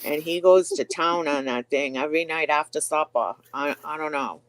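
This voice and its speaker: Halting speaker full of fillers. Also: medium pitch, fairly bright tone. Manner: halting, filler-heavy talk. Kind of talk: casual chat.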